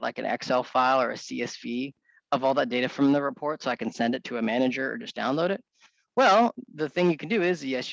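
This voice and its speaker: A man walking through a software demo in a casual, think-aloud manner with frequent restarts. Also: medium pitch, gravelly, dry recording, muffled recording. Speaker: software developer demonstrating. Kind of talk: screen-share walkthrough.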